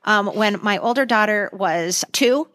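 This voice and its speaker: A middle-aged woman hosting a casual podcast chat, a lively storyteller who acts out what people said. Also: mid-range voice, measured pace, no echo, clean studio sound. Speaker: podcast host.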